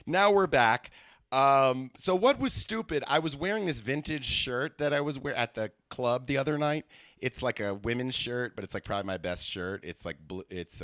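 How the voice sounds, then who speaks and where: A man's voice: fairly low pitch, a bit bright, no room sound, clean studio sound. A man who is a comedian hosting his own podcast, rambling through a comic monologue with lots of fillers and restarts. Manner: rambling, self-mocking, many fillers and restarts.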